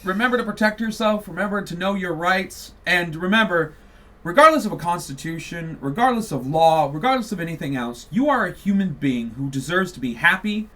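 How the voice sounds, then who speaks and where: A man's voice: high voice, animated, fairly quick, bright, forceful tone, far from the mic. A man hosting a podcast, launching into a heated, profane, mocking political rant. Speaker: podcast host.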